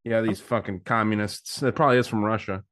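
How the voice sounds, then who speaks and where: A man on a podcast talking in a relaxed, joking way while he shows off beers. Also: fairly low pitch, quick pace, no room sound, clean studio sound. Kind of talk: casual chat.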